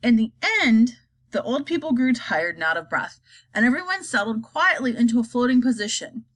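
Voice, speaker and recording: A woman reading a children's storybook aloud, expressive and lively. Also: on the high side, moderate pace. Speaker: reader.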